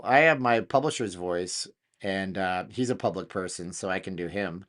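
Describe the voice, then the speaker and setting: Excitable slangy man hosting a studio chat. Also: low voice, moderate pace. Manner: excitable, slangy, thinking aloud. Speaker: channel host. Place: home studio.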